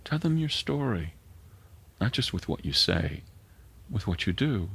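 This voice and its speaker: An older man preaching as pastor speaks on the low side with a fairly bright, slightly rough tone and vocal fry. He is very animated yet unhurried, earnest and emotional, and whispers at tender moments.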